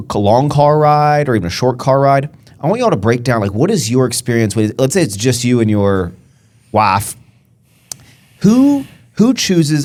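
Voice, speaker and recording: A man's voice: mid-range voice, a little mellow. A man co-hosting a podcast, rambling casually and trailing off as he thinks aloud. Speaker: podcast co-host. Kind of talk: casual chat.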